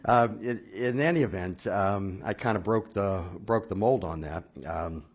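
A man telling his personal conversion story, halting with fillers and restarts, then growing animated and laughing at the funny parts. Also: lowish voice. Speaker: speaker sharing a personal conversion testimony.

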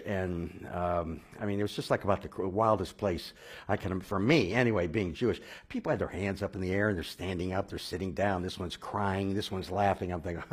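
Lower-voiced man telling his life story. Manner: halting, full of fillers and restarts, turns animated and laughing at punchlines. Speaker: speaker sharing a personal conversion testimony. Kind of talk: personal testimony storytelling.

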